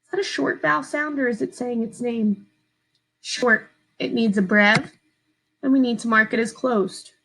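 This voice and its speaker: A woman teacher giving a slow, patient, step-by-step phonics lesson to young children from home. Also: fairly high pitch, creaky, a bit bright, rough recording.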